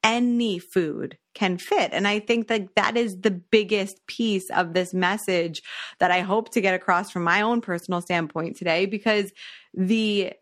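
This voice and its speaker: Quick, emphatic woman podcast co-host. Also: mid-range voice. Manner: quick, emphatic, lots of "like" and "right?". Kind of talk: casual chat.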